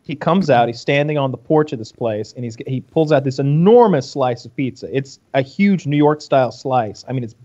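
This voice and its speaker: A podcast co-host telling a funny story in casual chat, laughing often and putting on shrill quoted voices. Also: brisk, few pauses, dark tone. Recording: dull lo-fi sound.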